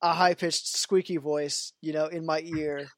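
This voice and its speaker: Rambling higher-voiced male podcast host. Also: flat delivery, unhurried, no room sound. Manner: rambling, full of "you know" and "like" fillers. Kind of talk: casual chat about a video game.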